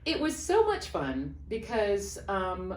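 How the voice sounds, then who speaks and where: A middle-aged woman, an opera singer, telling an animated backstage story in a casual interview and acting out the voices of the people in it. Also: medium pitch, slow pace. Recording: roomy, distant mic, faint background noise.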